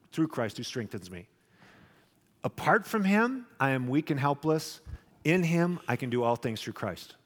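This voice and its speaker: Man preaching in a reverberant hall. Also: medium pitch. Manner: swings from loud animated questions to quiet intimate confession. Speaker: pastor. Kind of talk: sermon. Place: church hall with congregation.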